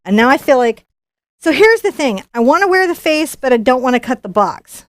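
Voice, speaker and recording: A chatty, bubbly woman artist who hosts a live unboxing stream and talks casually to viewers. Her voice sits a little high and sounds dry and close, with no room echo. She often stumbles into restarts as she talks. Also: big pitch swings, fairly quick. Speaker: professional artist and channel host.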